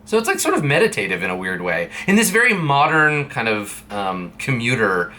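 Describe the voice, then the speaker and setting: A man's voice: mid-range voice, huge pitch swings, moderate pace, bright, forceful tone. A young man from Canada chatting casually to camera in a vlog, rambling through stories from a friend's streaming room. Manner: rambling, chatty, with playful put-on voices in quoted dialogue. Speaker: vlogger. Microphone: streaming setup mic.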